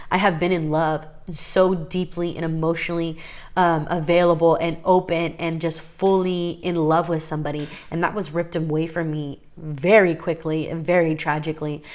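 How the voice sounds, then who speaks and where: A young adult woman vlogger talking casually and earnestly, confiding with fillers and restarts. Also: lowish voice. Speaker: faith vlogger. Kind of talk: casual heartfelt talk to camera.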